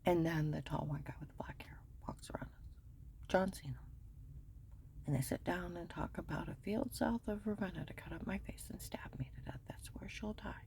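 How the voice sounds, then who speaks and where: A woman's voice: lowish voice, creaky, mellow. A woman giving a rambling, urgent personal account, often dropping into a whisper.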